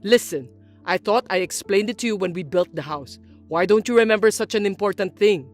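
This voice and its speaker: A performer voicing a patient adult son who explains things in a steady, firm way. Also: medium pitch, a little fast, faint music behind, close to an everyday voice. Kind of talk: dubbed drama acting.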